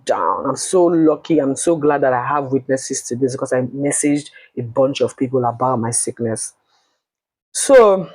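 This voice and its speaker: Husky nigerian woman telling her story, blunt, cursey, dry close sound. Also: a bass voice, no room sound, rough recording. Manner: blunt, animated, swears freely. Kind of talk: casual personal storytelling.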